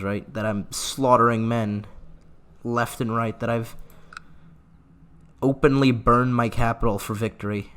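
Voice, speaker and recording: A man giving casual gameplay commentary, laughing often and reading game text aloud with asides. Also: mid-range voice. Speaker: gaming YouTuber.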